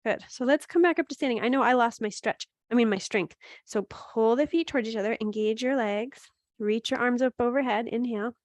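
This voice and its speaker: A woman teaching a gentle yoga class, giving steady cues with chatty asides and laughing at her own slips. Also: fairly high pitch, a little fast, dry recording. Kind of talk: guided yoga class instruction.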